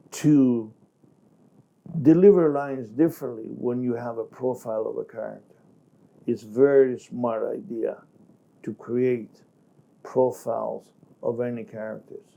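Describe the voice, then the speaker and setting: A man coaching actors, talking in a halting way with restarts and slightly broken phrasing. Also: medium pitch, vocal fry, dark tone. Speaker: acting coach. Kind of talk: instructional talk to camera.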